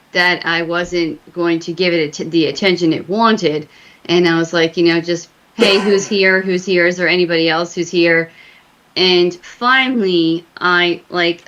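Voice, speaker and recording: A woman's voice: fairly low pitch, a bit bright, muffled recording. A woman, a medium, telling a ghost story in a casual, rambling way with many fillers. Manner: rambling, full of fillers and restarts. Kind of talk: casual storytelling on a talk show.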